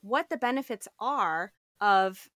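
Halting woman host, dry close sound. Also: medium pitch, expressive, a bit bright, no echo. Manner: halting, repeats words and restarts. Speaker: interview host. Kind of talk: casual interview talk.

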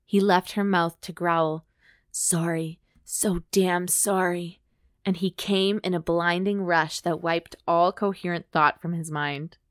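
A woman's voice: fairly low pitch, steady tone, a little slow, few pauses, smooth, dry recording, clean studio sound. Woman reading a romance novel aloud. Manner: reads aloud steadily, breaks off for wry jokes. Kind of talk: dramatic reading with joking commentary.

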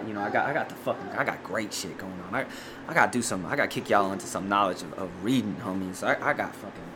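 A man's voice: medium pitch, a little hiss or hum. A man hosting a podcast, ranting in heated, profane bursts with stumbling repetitions. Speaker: podcast host.

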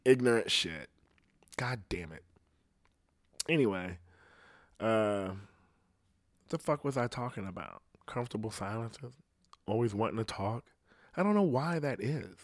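A man's voice: on the low side, lively intonation, a little slow, long pauses, dry recording, studio quality. A man with a slight lisp, hosting his own podcast in a casual, rambling solo monologue full of swearing. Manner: profane, rambling rant. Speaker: podcast host.

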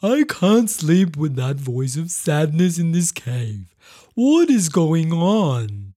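A woman's voice: low voice, very animated, takes it slowly, mellow, voice pushed down, full character voice. A woman voicing a grumpy big male bear woken from sleep, grumbling in a cranky way.

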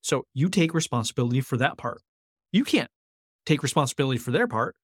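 Man guest on a podcast, earnest, keeps repeating his point, mid pitch, dead dry sound. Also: expressive, fairly quick, husky, dry recording. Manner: earnest, explanatory, repeats key phrases. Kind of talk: conversational interview.

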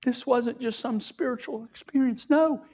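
A tearful man sharing an emotional personal testimony, often dropping his voice to a hushed whisper. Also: high-pitched, lively intonation, slow pace, breathy edge.

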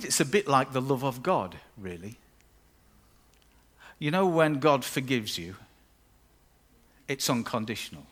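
A man's voice: medium pitch, a bit bright. A man preaching a sermon as pastor, conversational and with playful asides.

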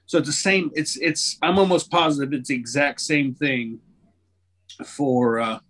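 A man's voice: a little high, steady tone, unhurried, a bit bright. A man chatting casually in a group, rambling and restarting his sentences as he explains things. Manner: rambling, self-correcting, repeats words. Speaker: pilot sharing fly-in experience.

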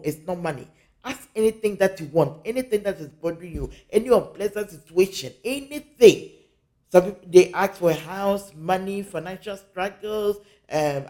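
Spiritual teacher from Africa, earnest, warm mellow tone, hammers key phrases home. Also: medium pitch.

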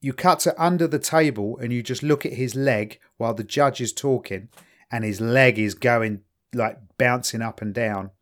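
A man co-hosting a casual podcast, bantering in an expressive, self-mocking way. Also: medium pitch, moderate pace. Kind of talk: casual chat.

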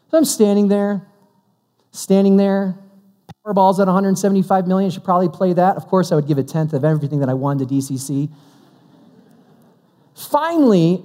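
A man's voice: sits high, a little mellow. A man preaching a Christmas sermon, conversational and humorous, acting out the dialogue of the story he tells. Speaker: pastor. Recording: long hall reverb.

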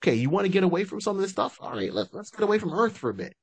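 A man's voice: high voice, big pitch swings, rapid-fire, slightly rough, no room sound. Rambling man on a fan podcast. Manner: rambling, restarts often. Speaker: podcast co-host. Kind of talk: casual fan-casting chat.

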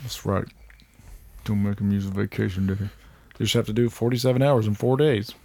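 A man, chatting on a podcast as host, telling animated stories, swearing freely and laughing often. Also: on the low side, brisk. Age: 30s. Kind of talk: casual chat.

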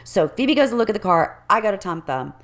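A woman co-hosting a casual chat, telling a long personal story in an animated way and acting out the people in it. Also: medium pitch, fast.

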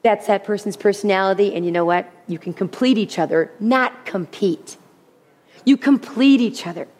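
A woman preaching a sermon with humor, animated, often repeating her key phrases. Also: mid-range voice, moderate pace. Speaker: women's speaker. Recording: long hall reverb.

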